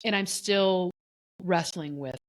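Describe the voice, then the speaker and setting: A middle-aged woman co-hosting a podcast, telling a personal story in a candid, animated way and acting out what others said. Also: lowish voice, slow pace, no echo, low-quality recording. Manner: candid, animated, often voices the people she quotes. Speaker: podcast co-host.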